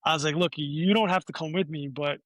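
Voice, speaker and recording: A man's voice: on the high side, steady tone, fairly quick, a bit bright, dry recording. A man in his forties, a podcast guest, telling a long anecdote in casual talk, swearing freely and acting out what other people said. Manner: swears freely, acts out quoted voices.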